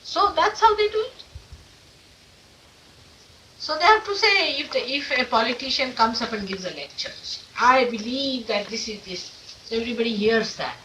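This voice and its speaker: A woman's voice: high voice, expressive, normal speed, long pauses, sharp tone. Emphatic woman teacher on an old distant tape. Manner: emphatic, full of rhetorical questions. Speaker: spiritual teacher. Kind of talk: informal talk to followers. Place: meeting room of an ashram. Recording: distant mic with faint hiss, old 1979 tape.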